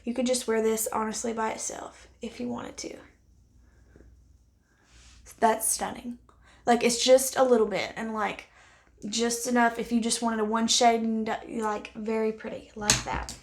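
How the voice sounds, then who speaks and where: Chatty beauty vlogger woman, a bit high. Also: flat delivery, unhurried. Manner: chatty and candid, thinking aloud while applying makeup. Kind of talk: casual makeup try-on chat to camera.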